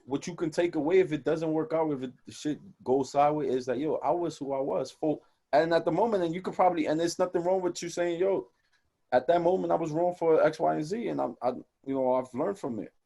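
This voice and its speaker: A young man co-hosting a casual podcast, talking in animated, profane street slang and acting out quoted conversations. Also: a little high, a little fast, gravelly. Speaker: podcast co-host.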